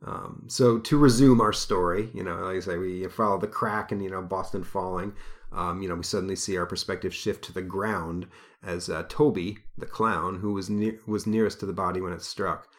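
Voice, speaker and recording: A man's voice: low-pitched, fairly even intonation, normal speed. A man hosting a podcast, rambling through a casual comic book review with many fillers. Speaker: podcast host.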